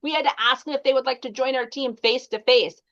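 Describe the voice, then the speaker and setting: A woman's voice: high-pitched, steady tone, fast, fairly bright tone, muffled recording. A woman leading a casual sales training call, chatty and encouraging, with frequent ums and likes. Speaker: sales team leader training consultants.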